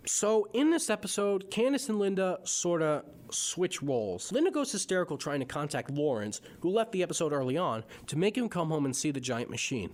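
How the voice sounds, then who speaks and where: A young man narrates his cartoon reviews from a script, opinionated and often exasperated. His voice sits a little high and swings widely in pitch, turning sarcastic in his asides.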